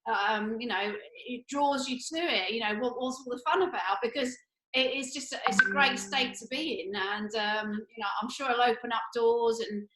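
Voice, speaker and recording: Speaking at a normal pace, this co-host has a slightly high, somewhat bright voice. She chats casually in an echoey room, breezy and upbeat, with plenty of fillers and sudden laughs.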